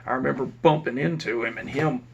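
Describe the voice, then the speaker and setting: A man's voice: medium pitch, brisk, vocal fry, husky, highs cut off. A man casually telling a blunt, profane story from his years as a prison officer. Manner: blunt and profane, laid-back. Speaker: former prison officer telling war stories.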